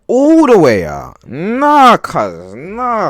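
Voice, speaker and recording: A man's voice: very high-pitched, wildly swooping pitch, normal speed, few pauses, no echo. A young man hosting a podcast, reacting to clips with mocking exclamations and muttered asides. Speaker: podcast host. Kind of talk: reaction commentary.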